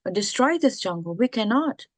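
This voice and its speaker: A woman's voice: mid-range voice, sing-song, normal speed, dry recording. A woman voicing a young woman in a folk tale, a tearful lover who speaks in a pleading, anxious way.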